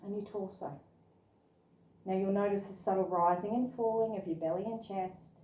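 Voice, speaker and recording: A woman guiding a yoga class through movement and body awareness, speaking in an encouraging, gently instructive way. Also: mid-range voice, fairly even intonation, normal speed, slight background noise. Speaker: yoga and meditation teacher. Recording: roomy sound from a distant mic.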